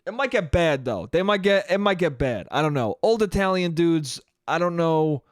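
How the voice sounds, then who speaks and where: Man, solo podcast host, rambling profane riffing, fairly high voice, dry close sound. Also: expressive, moderate pace, no echo. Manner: profane, rambling, laughing at his own jokes. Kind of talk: solo comedic podcast monologue.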